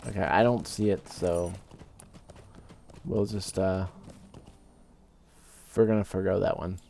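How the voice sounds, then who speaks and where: A man casually commenting on his own game play as a let's-play host, relaxed and rambling. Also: sits low, slow pace, creaky, slight background noise. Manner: relaxed, rambling, with many fillers. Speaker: gaming video host.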